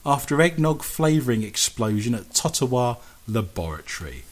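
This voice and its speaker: A man's voice: mid-range voice, big pitch swings, moderate pace. A man hosting a radio show, trading cheeky, bawdy jokes with his co-host and laughing at his own lines. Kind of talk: bawdy comic banter.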